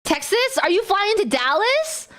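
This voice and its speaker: A woman streamer in casual live-stream chat who talks in a giggly, animated way and laughs often. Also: very high voice, unhurried.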